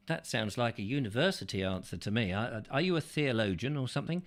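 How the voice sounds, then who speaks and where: A man's voice: mid-range voice, animated, a little fast, hardly any pauses, fairly bright tone. A man hosting a casual chat show, reading viewer comments and rambling with jokes and asides. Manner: rambling, joking, full of asides. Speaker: host.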